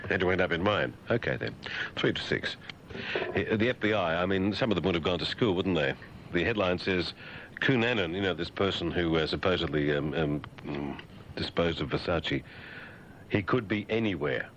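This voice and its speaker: A man with an Australian accent, a radio host riffing sardonically in a deadpan monologue on a lo-fi broadcast recording. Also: low-pitched, moderate pace. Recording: dull lo-fi radio broadcast with faint hiss.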